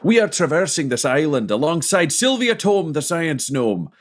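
A man's voice: on the high side, very animated, moderate pace. A man playing a formal, grandiloquent captain in a tabletop game, with courtly phrasing. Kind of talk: tabletop game role-play.

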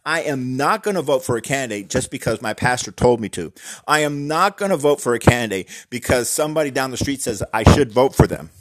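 An earnest man in a mid-pitched voice, talking straight to his listeners with firm emphasis. He slows down and leans on the words that matter, as in a personal opinion talk. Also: fairly bright tone. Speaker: Christian commentator on voting. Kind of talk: direct-to-camera opinion talk.

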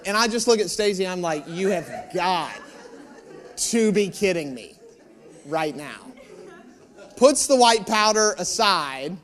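A man preaching a sermon, telling a personal story and acting out the dialogue with humor, asking the audience questions. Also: sits high. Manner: animated storyteller, acts out dialogue; joking, addresses audience with questions.

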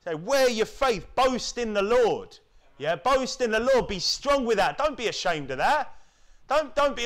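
High-voiced British preacher with tag questions. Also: male voice, big pitch swings, unhurried, a bit bright. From United Kingdom. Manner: rhetorical, keeps asking tag questions; mimics whining voices to mock them. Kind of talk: sermon.

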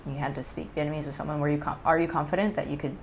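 A young woman from Hawaii in casual chat, a relaxed and supportive talker who laughs often. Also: low voice, rapid-fire, slight background noise. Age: young adult.

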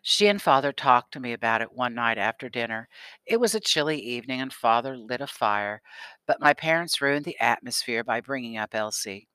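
A man narrating a first-person children's novel as an audiobook, in a calm storytelling manner. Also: mid-range voice, fairly quick, smooth, dry recording. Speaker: audiobook reader.

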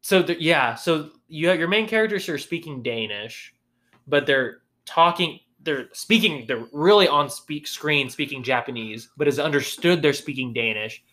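A man co-hosting a podcast in casual chat, lively, breaking into raised voices when he quotes characters. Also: a little high, normal speed. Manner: animated, acts out quotes in a raised voice. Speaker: podcast co-host.

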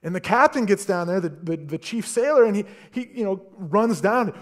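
Pastor, male, expressive bouncy pitch, animated sermon storyteller. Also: normal speed. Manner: animated storytelling, stammering repeats.

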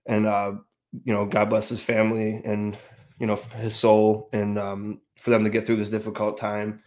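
Subdued, halting man hosting a fan show. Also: fairly low pitch, monotone, a little mellow. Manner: subdued, halting, many restarts and sighs. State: grieving, emotional. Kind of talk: casual sports podcast talk.

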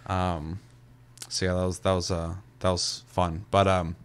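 A young man with a low, smooth, fairly flat voice co-hosts a podcast reviewing a video game at a measured pace. His casual chat is loose and profane, rambling with plenty of fillers.

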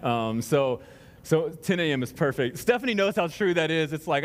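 Here the pastor's voice sits fairly high, with lively intonation and an ordinary pace. He addresses the congregation in a large church hall, delivering offhand announcements that wander into tangents and self-deprecating jokes, all carried on the hall's long reverb.

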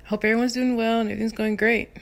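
A woman in her thirties from Texas, a soprano singer, telling a personal story in an animated, chatty way with lots of fillers. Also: on the high side, very fast, slight background noise. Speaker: vlogger. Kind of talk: casual storytelling.

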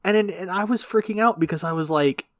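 A man's voice: high voice, fast talker, dry recording. A young man telling a long story in casual podcast chat, rambling and swearing, often laughing. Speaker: podcast co-host.

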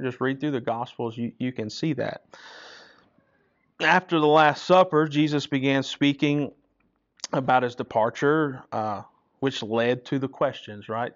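A man's voice: medium pitch, a little slow. Man teaching a casual Bible study. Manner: casual, checks in with "right?" after points. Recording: dull lo-fi recording.

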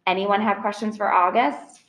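A woman's voice: medium pitch, steady tone, normal speed, a bit bright, close to an everyday voice. Storybook: an upbeat, coaxing woman teacher, read by a woman, roomy echo. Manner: cheerful, coaxing.

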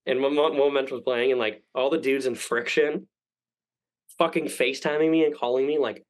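Speaking at a normal speed in a mid-range voice, a young podcast guest tells a long, rambling story in a casual way. He swears often and animatedly acts out what people said, all on a rough recording.

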